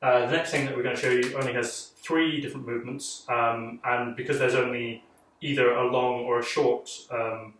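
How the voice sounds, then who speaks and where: A man teaching a casual online dance class, chanting rhythm counts aloud and talking excitably with many fillers. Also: mid-range voice, moderate pace. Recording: echoey room, distant mic, noisy.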